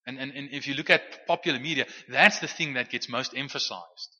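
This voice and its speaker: Male preacher, very bright tone, casual teaching delivery full of restarts, muffled hall recording. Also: mid-range voice, brisk. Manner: conversational with frequent restarts and stammered repeats. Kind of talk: sermon teaching. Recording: muffled sound with long hall reverb.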